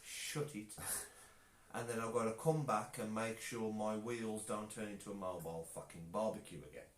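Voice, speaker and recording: A man's voice: lowish voice, normal speed. Joking man on a live stream, echoey room. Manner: joking, banters and slips into silly voices. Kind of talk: casual chat. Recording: echoey room with faint noise.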